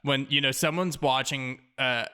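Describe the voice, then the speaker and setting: A man's voice: medium pitch, steady tone, moderate pace, bright, forceful tone, clear, resonant tone. A man co-hosting a podcast, chatting casually about a movie, often affirming with yeahs and sounding incredulous. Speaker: podcast co-host. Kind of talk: casual movie breakdown chat.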